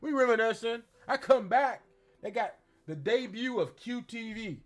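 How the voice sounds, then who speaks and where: A man with a high-pitched voice recaps a wrestling show in loose, slangy talk. He keeps it animated and jumps into exaggerated voices to act out what people said. It sounds like a casual streamed rant. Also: moderate pace.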